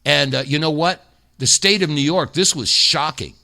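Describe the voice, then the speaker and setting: A man's voice: fairly high pitch, moderate pace, vocal fry, bright, forceful tone. A man hosting a talk radio show, delivering indignant, emphatic commentary full of rhetorical questions. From United States.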